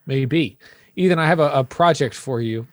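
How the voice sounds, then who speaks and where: A man's voice: mid-range voice, normal speed, no room sound, studio quality. An American man co-hosting a podcast in a rambling, playful, teasing casual chat. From United States. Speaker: podcast co-host.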